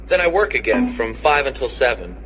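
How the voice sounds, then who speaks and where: A man's voice: medium pitch, big pitch swings, brisk, lightly acted, low-quality recording. A young man playing a cheerful student in a scripted textbook dialogue. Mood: upbeat. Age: young adult. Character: cheerful young male student who walks dogs. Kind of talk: scripted course-audio dialogue.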